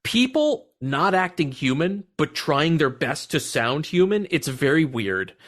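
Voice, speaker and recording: This man hosts a movie podcast, chatting casually about films in a fairly high, slightly bright voice with big swings in pitch. He speaks a little slowly, laughs a lot, and lets the occasional curse slip.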